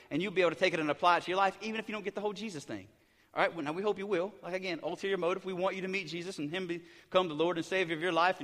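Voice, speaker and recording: Hyper high-voiced middle-aged preacher. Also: male voice. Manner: hyper, excited, stumbling restarts. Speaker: pastor. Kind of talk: sermon. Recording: big hall reverb.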